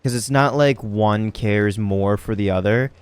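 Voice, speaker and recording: Laid-back American let's-play commentator. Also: male voice, fairly low pitch, a little slow, darkish tone, smooth. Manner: casual, laughing. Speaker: game streamer.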